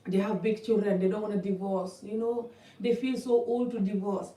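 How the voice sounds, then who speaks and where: A woman's voice: medium pitch, fairly even intonation, normal speed, dark tone. A woman vlogger talking passionately to camera in a blunt, rambling way, with some distance from the mic. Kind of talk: personal talk to camera. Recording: echoey room, mic at a distance.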